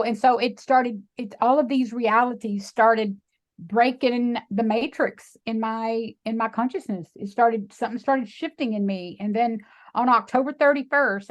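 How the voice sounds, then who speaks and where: A middle-aged woman with a Texan drawl recounts a personal turning point in an interview. Her voice sits fairly high, and she speaks with emphatic, animated energy, slipping into the voices of the people she quotes. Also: normal speed. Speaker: guest, sanctuary founder. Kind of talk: emotional storytelling interview.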